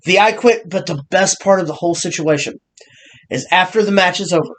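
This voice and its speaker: High-voiced excitable man reviewing wrestling. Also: a little hiss or hum. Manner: excitable, halting restarts, acts out quotes. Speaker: podcast co-host. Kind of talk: casual wrestling review chat.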